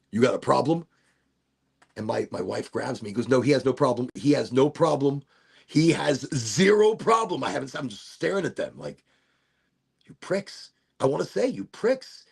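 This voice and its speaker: A man's voice: mid-range voice, gravelly, husky. A middle-aged man hosting a podcast, rambling casually through a travel story with frequent swearing and restarts. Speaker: podcast host.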